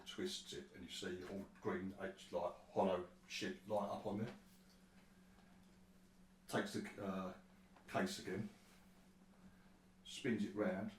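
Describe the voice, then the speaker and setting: A man's voice: low-pitched, a little hiss or hum. A man narrating a tabletop game as game master, rambling and sweary, with many restarts. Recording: roomy sound from a distant mic with faint ambience.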